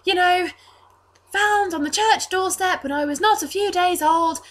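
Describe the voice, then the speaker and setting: A very high, bright boyish voice gushes and stammers with wide-eyed delight. A woman plays a sweet, blustering twelve-year-old altar boy, a little faint on the mic. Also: measured pace. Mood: excited. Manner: breathless, gushing, stammering. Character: eager young blond altar boy, about twelve.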